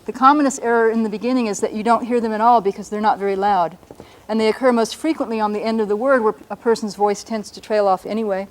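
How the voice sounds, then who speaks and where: A woman teaching a language lesson on a broadcast show, patiently explaining and slowing down to sound out words. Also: medium pitch, fairly even intonation.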